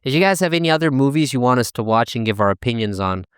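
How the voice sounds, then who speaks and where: Male co-host, joking, smooth clear voice, dry close mic. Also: mid-range voice, expressive, fast, no echo. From Boston, USA. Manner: playful, joking. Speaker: podcast co-host. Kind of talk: casual podcast chat.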